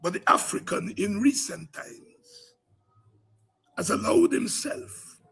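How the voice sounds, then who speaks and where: Fiery, high-pitched man orating. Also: very animated, takes it slowly, vocal fry, breathy edge. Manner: oratorical, rhythmic repetition building to shouts. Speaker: political podcast host. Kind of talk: impassioned political commentary.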